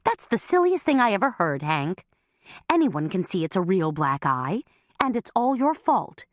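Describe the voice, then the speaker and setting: Prim scolding older mom, as a woman reads her, high and lively, dry close voice. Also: moderate pace, no echo, close to an everyday voice.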